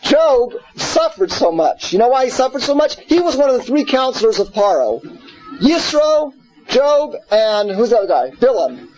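High-voiced man teaching a scripture class. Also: very animated, normal speed, darkish tone, lo-fi sound. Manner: earnest, repeats words, asks the class questions. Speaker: Torah teacher.

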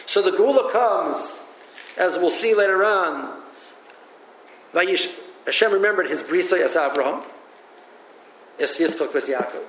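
Male rabbi, high-pitched, halting and repetitive, recorded in a roomy space. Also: expressive, a bit bright, a little hiss or hum. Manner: halting and repetitive, thinks aloud. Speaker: rabbi teaching a class. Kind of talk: teaching a religious text, with stories. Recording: echoey room with faint ambience.

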